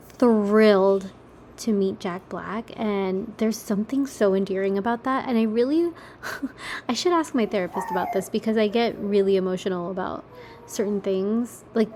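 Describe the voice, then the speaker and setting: A woman's voice: medium pitch, darkish tone, a little hiss or hum. A young adult woman hosting a casual solo podcast from her kitchen table, chatty and rambling, swearing casually and laughing at herself. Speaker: podcast host.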